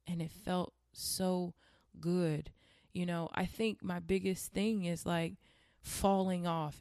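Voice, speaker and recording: A woman's voice: lowish voice, gravelly, darkish tone, no room sound, clean studio sound. A woman in her thirties hosting a podcast, telling a personal story in a candid, chatty monologue and speaking straight to her listeners. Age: 30s. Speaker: podcast host.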